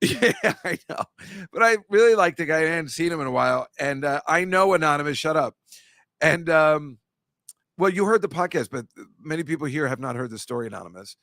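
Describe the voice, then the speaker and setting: A man hosting a podcast in casual chat, telling rambling stories and teasing listeners, with jumpy bursts of loudness. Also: fairly high pitch, animated, a little fast, creaky, dry recording, studio quality. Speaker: podcast host.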